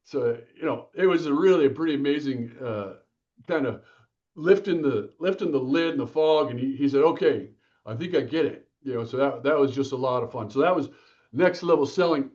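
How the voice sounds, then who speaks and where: A man's voice: mid-range voice, fairly quick, muffled recording. A man being interviewed as an author, telling stories energetically and acting out the quotes. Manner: energetic, lively, acts out quotes. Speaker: author and guest. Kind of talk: casual interview storytelling.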